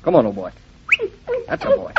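An actor playing a cheerful young husband who dotes on a big dog, breezy and teasing, in vintage radio drama style. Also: male voice, on the high side, huge pitch swings, normal speed, background noise. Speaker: husband, an architect. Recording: dull lo-fi old recording.

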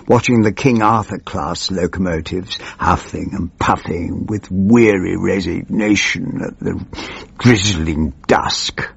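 A man playing a doddering, pompous old politician who rambles and loses his thread, in a gravelly, husky voice. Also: deep voice, lo-fi sound, full character voice. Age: older. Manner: meandering, wandering off and losing his thread. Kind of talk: comic character monologue.

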